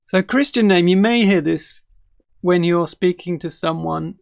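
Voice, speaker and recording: Slow, gravelly-voiced male English teacher. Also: high voice, dry recording. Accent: British English. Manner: slow, clear teaching delivery with spoken example phrases. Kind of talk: online English lesson.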